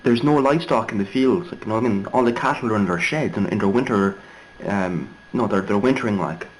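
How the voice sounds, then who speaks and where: A man's voice: lowish voice, a little fast, a little hiss or hum, poor audio. A young Irishman telling a story casually, rambling and digressive with many fillers and restarts. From Ireland. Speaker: vlogger.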